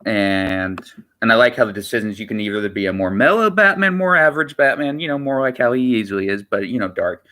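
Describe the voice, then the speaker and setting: A man's voice: fairly low pitch, expressive, brisk, pushed and bright. A man chatting casually on his livestream, rambling and repeating himself with lots of filler words. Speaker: streamer.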